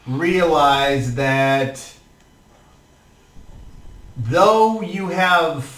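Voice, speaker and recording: A man runs a tabletop game, narrating slowly and with many pauses in a fairly high voice. He sounds far from the mic in an echoey room. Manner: relaxed, hesitant narration. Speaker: game master. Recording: roomy echo, distant mic.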